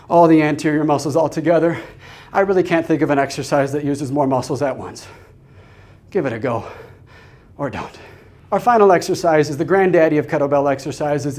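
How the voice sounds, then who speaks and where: Brief: male fitness coach, slightly high voice, clear step-by-step instruction. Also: darkish tone. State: out of breath during demonstrations. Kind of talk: instructional demonstration.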